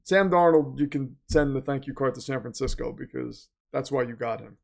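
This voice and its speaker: This livestream host has a mid-range, creaky voice with fairly even intonation and a moderate pace. He runs a live game watch-party, chatting and joking, reading out donations and poking fun at the team's managers.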